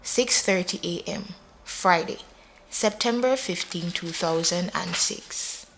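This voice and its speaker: A woman narrating an audio story in a measured, dramatic way. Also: on the low side, gravelly, a bit bright, a little hiss or hum.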